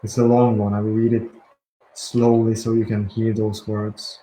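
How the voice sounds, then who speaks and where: Gentle man guiding slow breathing. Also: lowish voice. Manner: soft, slow and gentle, with calm pauses and restarts. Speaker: guided release teacher. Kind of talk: guided breathing and affirmation session. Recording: echoey room with faint ambient noise.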